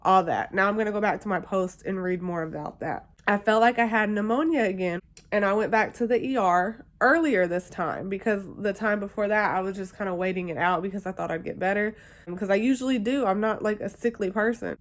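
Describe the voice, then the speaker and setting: A woman's voice: medium pitch, a little fast. Young woman vlogger, talking straight to camera, chatty and emotional, full of fillers. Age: young adult. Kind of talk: casual storytelling to camera.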